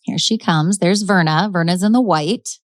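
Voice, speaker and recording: A woman's voice: fairly low pitch, moderate pace, no room sound. A woman hosting a podcast, retelling a true-crime case in a chatty, dramatic way with frequent laughs. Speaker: podcast host. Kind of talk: casual true-crime storytelling.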